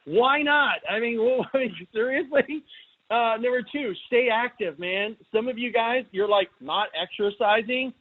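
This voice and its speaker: A middle-aged man hosting a webinar, talking in a casual, energetic way and often asking his listeners questions. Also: very high voice, a little slow. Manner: energetic, chatty, asks the audience questions. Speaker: webinar host. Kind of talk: casual motivational talk. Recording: tinny phone-like line.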